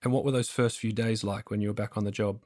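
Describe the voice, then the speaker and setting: A man hosting a podcast, asking calm, steady questions. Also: fairly low pitch, quick pace, no echo, studio quality. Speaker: podcast host. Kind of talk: interview questions.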